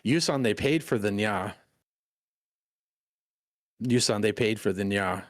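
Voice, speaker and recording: A man's voice: on the low side, slow, dry recording, studio quality. A man co-streaming in casual chat, teasing, laughing and stammering on a headset.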